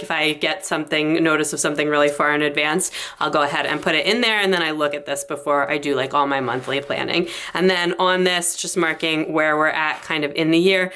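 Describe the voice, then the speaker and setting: A woman's voice: low-pitched, pushed and bright, smooth. A young adult woman chatting through her planner in a bubbly, rambling way, slightly out of breath. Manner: bubbly, rambling, lots of fillers. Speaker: planner vlogger.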